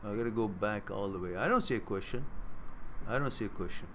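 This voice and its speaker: A fairly low-pitched man talks fast as he takes viewer questions in a casual live-stream Q&A, with slight background noise. Laughing and teasing often, he works things out aloud with fillers and restarts.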